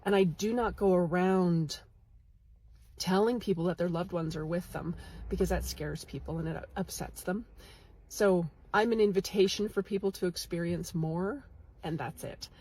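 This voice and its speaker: A woman, a psychic medium, telling a story in a casual vlog from a lab waiting room, animated and laughing now and then. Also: on the low side, moderate pace, slightly rough.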